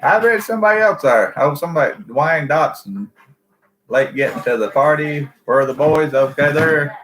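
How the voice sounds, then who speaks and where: A man's voice: a little high, lively intonation, moderate pace, fairly bright tone. A man with a Southern US accent co-hosting a casual livestream, easygoing and hesitant with many fillers. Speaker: livestream co-host.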